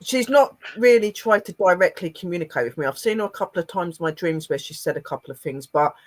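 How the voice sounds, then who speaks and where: A man speaks in an emotional, halting way, often repeating his words. His voice sits a little high for a man and is choked up. The sound is dry and close. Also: animated, dry recording. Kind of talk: casual chat.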